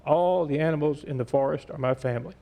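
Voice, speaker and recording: A man voicing a gentle, lonely little male bunny in a storybook tale, in a plaintive, earnest tone. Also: on the high side, fast talker, close to an everyday voice. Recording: echoey church sanctuary.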